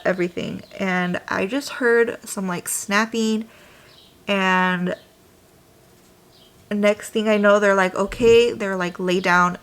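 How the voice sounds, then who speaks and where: Chatty young woman telling a story. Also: mid-range voice. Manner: animated, chatty, drops to whispers while applying makeup. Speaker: beauty vlogger. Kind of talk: chatty get-ready-with-me storytelling.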